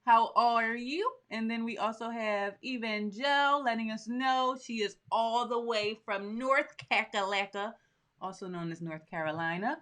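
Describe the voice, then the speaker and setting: A woman's voice: a little high, unhurried, a bit bright. A woman who makes soap, hosting a live stream in an upbeat, chatty way and greeting viewers by name. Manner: chatty, upbeat, talks straight to her audience.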